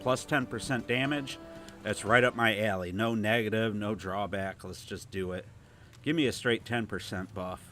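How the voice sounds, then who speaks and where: A man with a Toledo, Ohio twang hosts a relaxed gameplay stream in a low-pitched voice. He rambles easily and reads out comments from viewers, with faint music playing underneath. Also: normal speed. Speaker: livestream host. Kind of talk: casual gameplay livestream chat.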